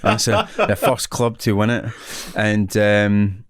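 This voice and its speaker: A man's voice: on the low side, very animated, slow, smooth, no room sound, clean studio sound. A Scottish man in his forties, a guest telling stories in a casual interview and often laughing. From Scotland. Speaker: actor, guest.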